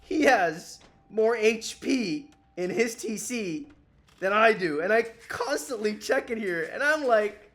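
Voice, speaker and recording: A man's voice: high-pitched, unhurried, a bit bright. A man giving casual commentary over his own strategy game match, laughing often and mocking his own mistakes as he rambles along. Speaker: gaming YouTuber.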